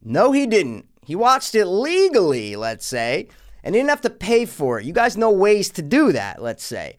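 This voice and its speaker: Animated, ranting podcast guy. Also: high-pitched, unhurried. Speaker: podcast co-host. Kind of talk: casual movie review chat.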